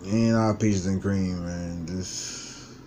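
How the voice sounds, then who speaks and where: A man in his twenties with a fairly low voice talks straight into his vlog. He is frustrated and vents bluntly, with a lot of swearing. A faint hiss sits behind him. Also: steady tone, takes it slowly, warm tone. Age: 20s. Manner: blunt, profane, frustrated venting. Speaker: vlogger. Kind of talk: personal vlog monologue.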